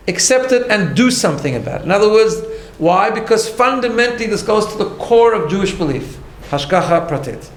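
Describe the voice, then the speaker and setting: A man teaching an informal class as a rabbi, talking conversationally and emphatically, often restarting and checking in with "right?". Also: high voice. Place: study hall. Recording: echoey room, faint background hum.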